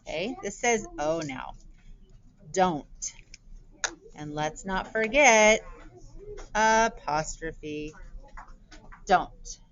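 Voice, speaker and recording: A woman teaching a spelling lesson to young children, sounding out letters and words slowly and clearly. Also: mid-range voice, a bit bright. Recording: dull lo-fi recording.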